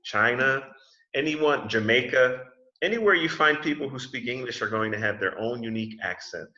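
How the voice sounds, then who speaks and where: A man's voice: mid-range voice, lively intonation, normal speed, bright, forceful tone. A man leading an English class over a video call, friendly and chatty, often repeating and restarting words. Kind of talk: casual class discussion. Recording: muffled video call in an echoey room.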